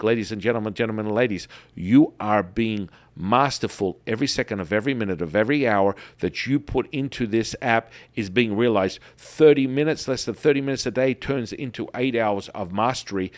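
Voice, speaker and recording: A man hosting a podcast, talking in an emphatic, repetitive way and telling animated stories. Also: lowish voice, a little fast, few pauses. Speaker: podcast host. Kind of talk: enthusiastic promotional talk.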